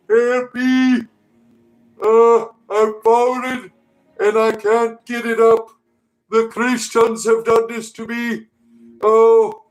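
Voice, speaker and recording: A man voicing a helpless, whiny demon who shrilly begs to be rescued. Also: rough recording. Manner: shrill, whiny, panicked pleading.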